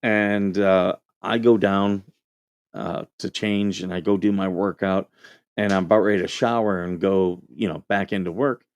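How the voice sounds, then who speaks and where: Low-voiced veteran telling a story. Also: male voice, normal speed, clear, resonant tone. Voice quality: relaxed, rambling with fillers. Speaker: show host, Marine veteran. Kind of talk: casual call-in show chat, storytelling.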